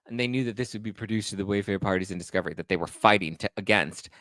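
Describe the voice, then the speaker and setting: A man with a bright, forceful voice rants about celebrity gossip like the host of a commentary show. He reads aloud, breaks off into sarcastic, exasperated outbursts and keeps getting more worked up. The sound is dry and close, with no room around it. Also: lowish voice, racing, no echo.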